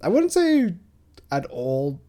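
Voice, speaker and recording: Casting: a laid-back man doing casual gameplay commentary, with a mellow, slightly throaty tone. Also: on the high side, wildly swooping pitch, takes it slowly. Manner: chatty, rambling, self-deprecating. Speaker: let's play host.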